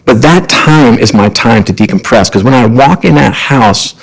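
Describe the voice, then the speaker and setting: A middle-aged man, a guest on a podcast, telling earnest, animated stories about his work and family. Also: mid-range voice, normal speed, gravelly, slightly rough, poor audio. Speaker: podcast guest, sports executive. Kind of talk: conversational storytelling.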